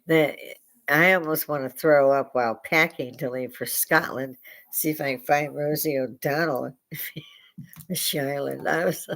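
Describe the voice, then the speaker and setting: A woman from the United States hosting a casual livestream, ranting bluntly and profanely and laughing often. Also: sits low. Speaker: livestream host.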